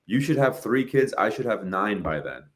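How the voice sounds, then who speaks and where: A man in his late thirties co-hosting a podcast, talking casually in animated bursts and swearing freely. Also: lowish voice, normal speed. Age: 30s. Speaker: podcast co-host. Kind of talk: casual chat.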